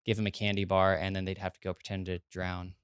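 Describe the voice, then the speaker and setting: A man's voice: low voice, monotone, fast, clean tone, dry recording, studio quality. A young man co-hosting a podcast in casual chat, laid-back with crude joking banter. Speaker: podcast co-host.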